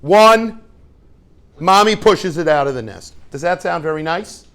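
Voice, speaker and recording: A man's voice: a little high, lively intonation, unhurried, a bit bright. A man, a rabbi giving an informal, joking lesson to his students and tossing questions at the class.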